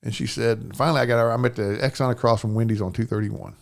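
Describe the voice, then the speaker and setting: A man's voice: medium pitch, steady tone, fast talker, gravelly. An older man, a podcast guest telling a personal story in plain, rambling speech, often asking "you know what I'm saying".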